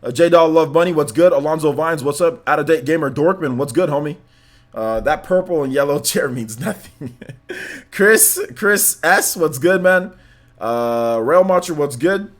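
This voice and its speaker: A young man hosting a casual live stream, rambling loosely and rattling off quick shout-outs to viewers. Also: fairly high pitch.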